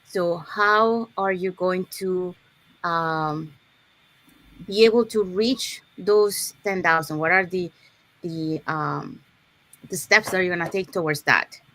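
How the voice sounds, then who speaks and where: Low-voiced woman teaching goal setting. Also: slow, fairly bright tone. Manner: explains step by step with many okays and restarts. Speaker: host. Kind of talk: online live session teaching.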